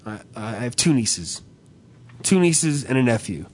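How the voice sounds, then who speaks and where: Young adult male podcast co-host; swears constantly, rants and tells animated stories in an average-pitched voice. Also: unhurried. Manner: profane, ranting, animated storytelling. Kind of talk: casual comedic chat.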